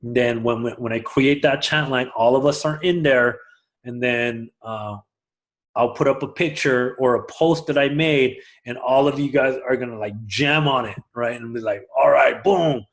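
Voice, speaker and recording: A man teaching a live class to a room of people, energetic and often checking that everyone is following. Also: normal speed. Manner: energetic, swings loud and high when excited; asks the room for agreement. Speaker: class instructor.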